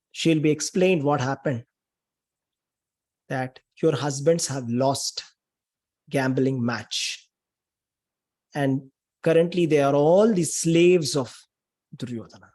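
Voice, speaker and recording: A man's voice: on the high side, darkish tone. A man giving a spiritual talk, retelling a scripture story in an emphatic, dramatic way with lots of repetition. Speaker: spiritual speaker.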